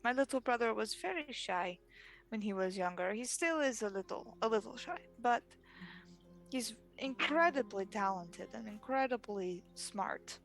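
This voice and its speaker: A woman playing an earnest young adventurer in a tabletop game, talking haltingly with frequent pauses and fillers while attempting an accent. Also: on the high side, animated, soft background music. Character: earnest young adventurer in their twenties, eldest sibling.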